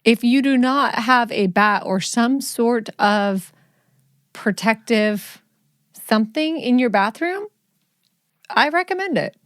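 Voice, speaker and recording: A woman's voice: on the high side, lively intonation, takes it slowly, no room sound, studio quality. A middle-aged woman and mother, co-hosting a casual podcast chat, blunt and joking as she acts out scenes from her stories.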